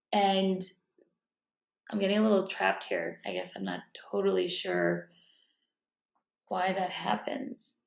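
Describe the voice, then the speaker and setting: A woman's voice: medium pitch, gravelly, echoey room. A woman giving a casual, thoughtful self-help talk at home. She often corrects herself mid-sentence and sometimes drops her voice to a whisper. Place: room at home.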